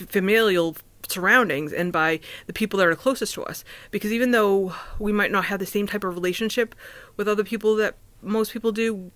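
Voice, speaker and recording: A woman talking casually to the camera alone in her apartment, halting, with many restarts and fillers. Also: fairly low pitch, a bit bright, no echo. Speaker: vlogger. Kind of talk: casual personal talk to camera.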